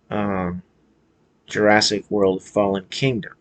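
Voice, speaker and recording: Low-voiced rambling American man. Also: a little slow. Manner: hesitant, rambling, many fillers and restarts. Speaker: vlogger. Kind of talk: casual rambling movie chat.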